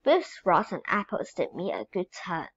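A woman's voice: on the low side, very animated, normal speed, breathy edge, muffled recording, full character voice. A woman reading a children's storybook and voicing a cheerful, jokey male cart seller. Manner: storybook reading voice, bright on the calls.

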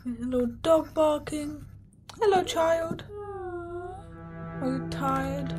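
A woman's voice: sits high, slow pace, long pauses, music in the background, rough recording. A woman commenting on a video game as she plays, talking to the characters in a mock-cheerful, coaxing way. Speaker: gaming video host. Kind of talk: let's play commentary.

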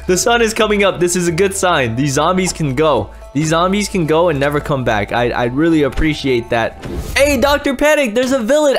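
A young man commentating a game, easily startled, swinging from hushed mutters to sudden yells. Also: high-pitched. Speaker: gaming YouTuber. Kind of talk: Minecraft gameplay commentary.

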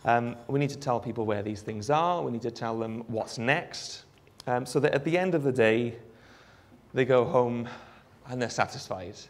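A Welsh man giving a live demonstration of a phone app, explaining in a relaxed way with frequent ums. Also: medium pitch, moderate pace. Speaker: app developer giving a presentation. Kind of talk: live product demo talk.

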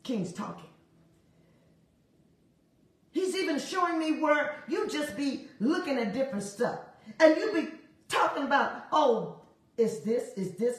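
High, animated preaching woman, echoey. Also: moderate pace, recorded from a distance. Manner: animated, laughing often, repeating phrases in a rhythmic preaching cadence. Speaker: prophetic minister. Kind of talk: prophetic word during a prayer broadcast.

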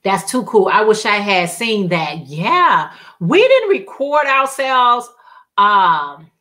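A woman's voice: mid-range voice, very animated, slow, bright, forceful tone. A woman hosting a casual crafting livestream, telling chatty stories in colloquial speech and reading viewer comments aloud.

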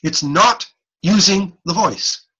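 Male instructor on a video call, slow and bright-toned, sounds out each example himself. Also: sits high, husky, rough recording. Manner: demonstrates sounds aloud, animated, repeats himself. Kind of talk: online class lecture. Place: home or office on a video call.

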